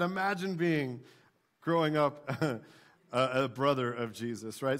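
A man in his thirties preaching a sermon in a church, talking to the congregation conversationally with frequent "right?" tag questions and animated storytelling. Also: mid-range voice, a little slow. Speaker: pastor. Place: church sanctuary.

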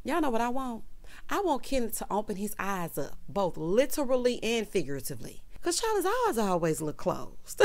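A woman's voice: medium pitch, very animated, a little fast. A woman, giving a casual, sassy recap of a reality show and talking straight to her viewers. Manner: sassy, talks straight to viewers, calls them honey and child.

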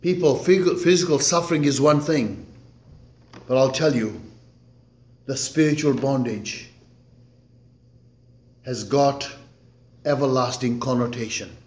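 A male pastor preaching a sermon slowly and emphatically, swinging between loud declarations and hushed, soft phrases. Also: mid-range voice. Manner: slow, emphatic preaching with dramatic swings in loudness. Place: church sanctuary. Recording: echoey church room.

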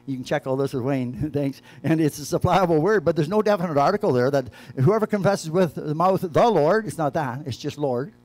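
A man preaching a sermon as the church's pastor, talking loosely with frequent restarts and repeated phrases, shifting between quiet asides and emphatic points. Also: fairly high pitch, a little fast, hardly any pauses.

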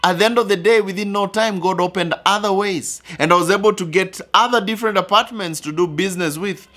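A man's voice: sits high, fairly quick, a bit bright. A man preaching a sermon in an earnest, repetitive way, weaving in his own testimony.

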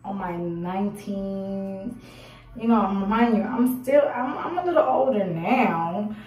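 A woman vlogger in her twenties, with a mid-range voice and slow pace, tells a casual storytime. She's animated, acting out her own quotes and what others said, and swears casually. The audio has roomy echo, a bit far from the mic.

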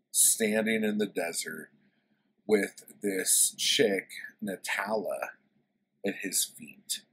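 A man's voice: fairly low pitch, breathy edge, rough recording. A man casually retelling a favorite story in a book review, rambling and swearing with lots of fillers.

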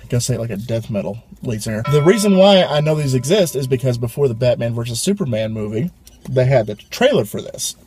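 A man hosting a casual food review, joking around excitably in a fast food restaurant. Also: mid-range voice, faint music behind. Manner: playful, excitable, jokey.

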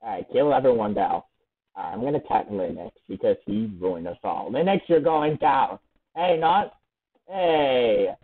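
A man giving let's play commentary, excitable, often shrieking and laughing as he plays. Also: mid-range voice, normal speed. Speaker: gamer. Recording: tinny phone-like sound.

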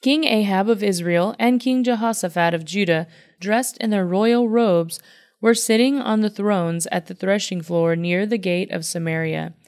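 A woman reading a Bible passage aloud in steady, even narration. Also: medium pitch, normal speed. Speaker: Bible reader. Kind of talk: scripture reading.

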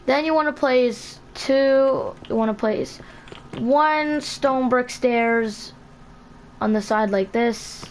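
A woman hosting a casual game building tutorial, talking in a halting way, correcting herself and repeating item names as she goes. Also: on the high side, slight background noise. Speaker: channel host.

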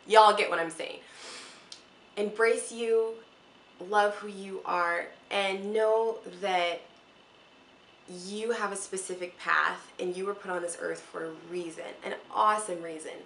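Young mom vlogger, earnest and rambly, encouraging, mid-pitch voice, roomy echo with faint background hum. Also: female voice, fairly even intonation, unhurried, gravelly, a bit bright. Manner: earnest, rambling and encouraging, near tears at times. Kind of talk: casual heartfelt talk to camera. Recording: echoey room with faint ambient noise.

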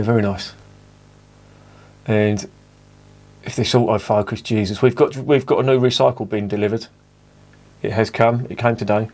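Man, low voice, chatty home beer reviewer, swears and self-corrects. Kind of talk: casual review monologue.

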